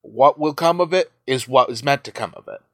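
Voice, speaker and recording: An aloof cosmic figure of fate states its purpose briskly, as a man reads him out. The delivery is plain and matter-of-fact. The sound is dry. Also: mid-range voice, no room sound, close to an everyday voice. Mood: solemn.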